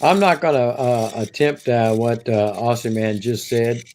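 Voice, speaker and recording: A man's voice: mid-range voice, fairly even intonation, a little slow, darkish tone, slight background noise. A man chatting and laughing as a co-host over a video call during a livestream. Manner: chatty, laughs often, rambling. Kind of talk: casual livestream chat.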